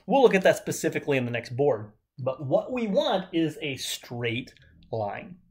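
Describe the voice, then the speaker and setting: A man's voice: fairly high pitch, big pitch swings, moderate pace, darkish tone. A man teaching chemistry at a whiteboard, enthusiastic and jokey, talking straight to his students. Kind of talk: whiteboard lecture.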